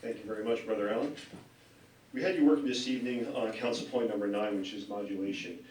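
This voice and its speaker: A man giving encouraging feedback on a reading at a congregation meeting, halting now and then with fillers and restarts. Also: lowish voice, darkish tone. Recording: echoey hall, distant mic, faint hiss.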